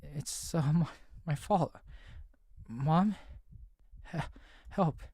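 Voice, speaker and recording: A man voicing a frightened, shy teenage girl who speaks softly with a halting, trembling stammer. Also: a little high, dry recording, studio quality, heavily acted. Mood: pleading.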